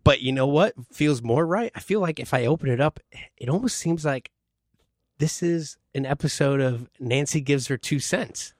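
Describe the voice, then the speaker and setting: A man co-hosting a casual comedic podcast, joking around, animated and swearing often. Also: fairly high pitch, moderate pace, dry recording, clean studio sound. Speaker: podcast co-host.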